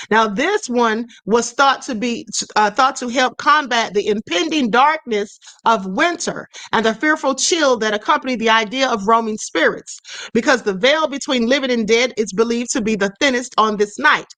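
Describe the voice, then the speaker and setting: A woman's voice: fairly high pitch, normal speed, sharp tone, dry recording. A woman hosting a spirituality live stream, explaining at a conversational pace, reading viewer comments aloud and often checking in with "okay".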